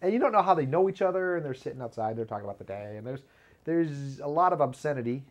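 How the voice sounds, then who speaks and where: A man's voice: fast talker, muffled recording. Rambling, self-mocking man hosting a show. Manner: rambling, self-mocking, laughs at own jokes; lively pitch jumps when acting out quotes. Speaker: video show host. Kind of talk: casual comedic monologue. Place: home studio with black curtain behind.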